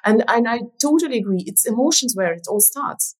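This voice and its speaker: A woman's voice: fairly high pitch, lively intonation, a little fast, a little mellow, husky, rough recording. A woman author and speaker, a guest on a podcast, explaining her ideas thoughtfully with some "uh" fillers. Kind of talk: interview conversation.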